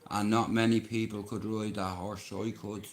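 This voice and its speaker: A man's voice: lowish voice, flat delivery. A man with a Dublin accent telling rambling, swear-laden stories during a casual live stream. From Dublin, Ireland. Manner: drawn-out, rambling anecdotes with swearing and "bro". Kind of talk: casual livestream storytelling.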